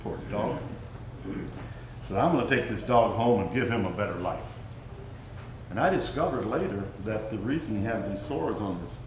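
A male preacher with a lowish voice speaks in a folksy, rambling way, pausing to ask his listeners simple questions. He sounds set back from the mic in a very echoey church hall, with steady room noise behind him. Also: far from the mic. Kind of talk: prayer and folksy sermon storytelling. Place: church gathering, roomy hall.

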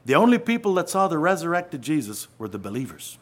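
A man preaching an earnest sermon, often dropping to a hush and then rising to loud emphasis. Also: a little high, very animated, fast, few pauses.

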